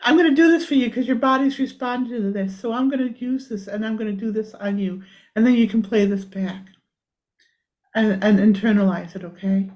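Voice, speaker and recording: A woman energy healer leading a private session, singing simple repeated lines softly and chatting between them. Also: on the high side, a little fast. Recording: dull lo-fi audio.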